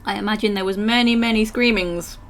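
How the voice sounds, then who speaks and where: A woman with a croaky throat chatting with her live chat while reading game text aloud. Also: medium pitch, fairly even intonation, brisk, a bit bright. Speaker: livestream gamer.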